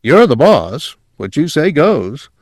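A man's voice: on the high side, big pitch swings, takes it slowly, no echo, clean studio sound, voice pushed up, full character voice. A man voicing an ambitious young male official who speaks breezily and agreeably. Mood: breezy. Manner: breezy, eager, smoothly agreeable.

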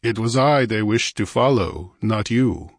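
A man reading aloud, voicing a grim, confident male barbarian warrior who speaks calmly and with certainty. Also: on the low side, unhurried, no echo, clean studio sound. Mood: cold, certain. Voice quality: calm, imperturbable.

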